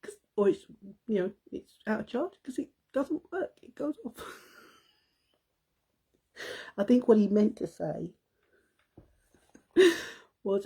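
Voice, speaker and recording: A middle-aged woman chats to her live audience, breaking into giggles as she recounts a family moment. Her voice is soft and mellow, with a slightly husky, breathy edge. She talks in an easygoing, rambling way. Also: medium pitch, very animated, takes it slowly, long pauses. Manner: giggly anecdote telling, laughing often. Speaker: live stream host. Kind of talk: casual chat on a live stream.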